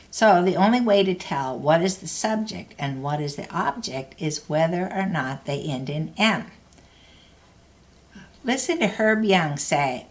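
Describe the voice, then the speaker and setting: Slow, low-voiced woman teaching a lesson. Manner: slow, careful explaining. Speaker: language teacher. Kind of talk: scripted lesson narration.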